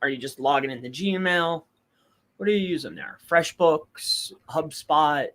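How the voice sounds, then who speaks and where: High-voiced man groping for words. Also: unhurried, fairly bright tone. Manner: hesitant, searching for words, stacks questions. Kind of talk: casual livestream Q&A.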